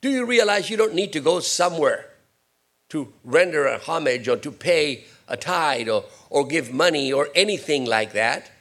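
A man preaching a sermon, moving between quiet, low asides and loud, high-pitched rhetorical questions. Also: husky. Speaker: pastor.

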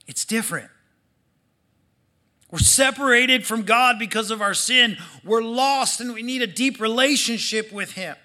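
Male pastor, high bright voice, lively sermon delivery with acted-out quotes. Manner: animated, acts out quoted voices, swings from loud to hushed.

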